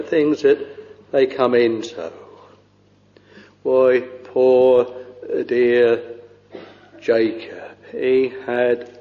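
A man preaching a sermon in a slow, halting way, with many pauses and fillers. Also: medium pitch, dark tone. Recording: dull lo-fi recording with long hall reverb.

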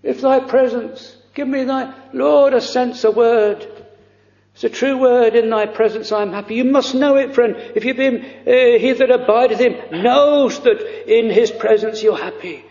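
A man preaching a fervent, pleading sermon, full of drawn-out exclamations and quoted prayers. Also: very high-pitched, darkish tone. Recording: lo-fi recording in a reverberant church.

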